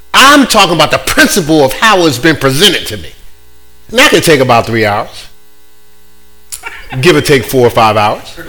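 A man's voice: high voice, fairly bright tone, rough recording. A man preaching a casual, playful sermon, acting out other people's voices.

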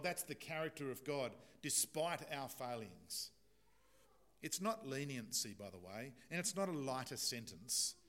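A man's voice: fairly high pitch, fairly bright tone. A man preaching a sermon in an earnest, emphatic way, illustrating points with a story.

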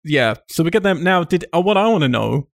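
A man's voice: a little high, sing-song, fairly quick, creaky, dry recording. Chatty man with a dry close sound. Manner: chatty, laughs often, self-deprecating. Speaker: podcast host. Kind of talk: casual film discussion.

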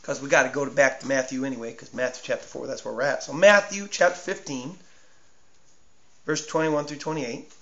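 A man preaching a sermon with passion. He drops to a hush, then builds to a shout, and repeats words for emphasis. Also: mid-range voice, fairly quick. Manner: impassioned, swinging from hushed to shouting. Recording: echoey room, dull lo-fi sound.

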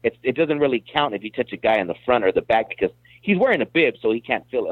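A man's voice: medium pitch, big pitch swings, fast talker, hardly any pauses, no echo. Blunt guy on a tinny phone line, dead dry, stumbles over his words a lot. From Mexican-American background. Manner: blunt, repeats words when starting a thought. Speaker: guest. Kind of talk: casual podcast chat.

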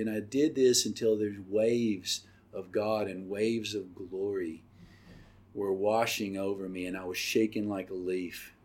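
A middle-aged man hosting a podcast and telling his personal testimony, earnest and halting, with many pauses and fillers. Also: fairly low pitch. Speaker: podcast host.

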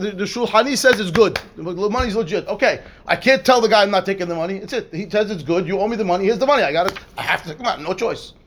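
High-voiced rabbi teaching a Talmud class. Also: male voice. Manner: repeats words and restarts, asks "right?" often. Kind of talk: lively Torah class, reading Hebrew text and explaining.

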